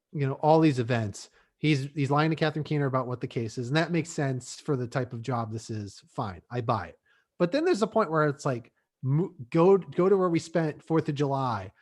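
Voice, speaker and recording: A man's voice: a little high, lively intonation, normal speed. A man as a guest on a casual movie podcast, giving joking commentary.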